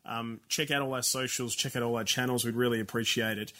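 A man co-hosting a casual gaming podcast, chatty and prone to excited outbursts. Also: fast. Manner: excitable, laughs often, pitch jumps when hyped. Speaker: podcast co-host. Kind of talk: casual chat.

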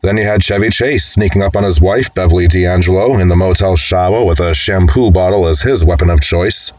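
A man with a very low voice reads a scripted podcast segment briskly. He sounds set back from the mic, and the recording is dull and muffled. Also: darkish tone, distant mic. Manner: brisk, read-from-script delivery. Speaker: podcast host.

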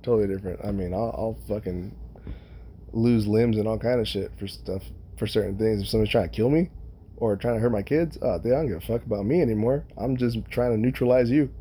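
A man hosting a podcast alone, talking in a profane, rambling, animated way with his own kids in mind. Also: on the low side, fast talker, a little hiss or hum. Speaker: podcast host. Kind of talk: casual solo monologue.

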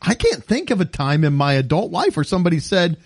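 A man's voice: a little high, brisk, no echo. A man hosting a podcast, telling stories in casual chat and laughing often. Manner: laughs often, animated storytelling. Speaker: podcast host.

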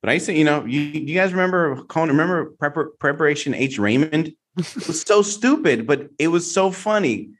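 Rambling, animated male podcast host. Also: on the high side, a little fast. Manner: rambling, restarts often, animated storytelling. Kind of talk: casual chat.

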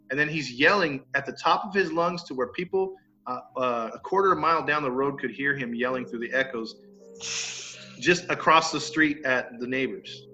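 A man's voice: medium pitch, moderate pace. A man hosting a podcast, telling a true crime story in a casual, slangy way. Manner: animated, slangy, acts out quotes. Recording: dull lo-fi sound with faint music.

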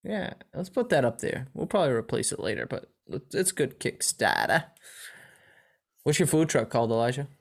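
A podcast host with a lively, expressive voice and a giggly manner. He asks the questions and tells stories in a casual, upbeat way, laughing often. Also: mid-range voice, normal speed, creaky. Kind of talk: casual chat.

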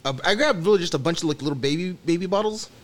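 A man's voice: high-pitched, very fast, a little hiss or hum. A man chatting casually among friends, starting his story hesitantly with many fillers. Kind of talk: casual chat.

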